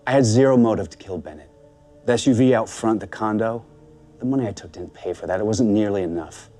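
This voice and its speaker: An actor playing a defensive former contractor turned loan shark who speaks in a matter-of-fact way. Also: male voice, fairly low pitch, a little fast, dark tone, soft background music, lightly acted.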